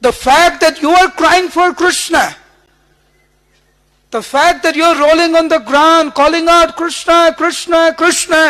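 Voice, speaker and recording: A man acting out a devoted follower who scolds his master, speaking loudly and emphatically. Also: very high-pitched, very animated, normal speed, heavily acted. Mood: outraged. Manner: loud, emphatic, rebuking.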